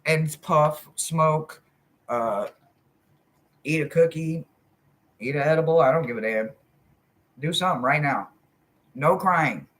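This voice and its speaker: Animated, blunt woman chatting with viewers. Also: deep voice, takes it slowly, pauses often. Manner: animated and blunt, swings from loud to soft, swears freely. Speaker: host and spiritual reader. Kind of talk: casual livestream chat with viewers.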